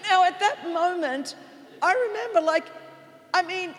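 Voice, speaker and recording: A woman evangelist with an Australian accent preaching a sermon in church, moving from quiet reflection to shouted, emphatic declarations. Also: very high voice, unhurried, big-room sound. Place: large church hall.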